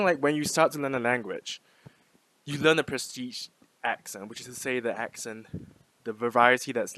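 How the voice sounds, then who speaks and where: Rambling young man, low voice. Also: fairly bright tone, low-quality recording. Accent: mixed, light Singaporean English. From Singapore. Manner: rambling, many "like" fillers and restarts. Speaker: vlogger. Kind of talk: unscripted musing to camera.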